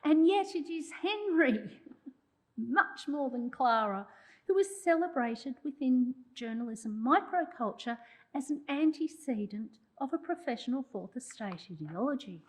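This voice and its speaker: A woman's voice: sits high, animated, measured pace, rough recording. A woman, a journalism historian delivering a prepared public lecture with wry asides to the audience. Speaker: journalism historian giving an oration.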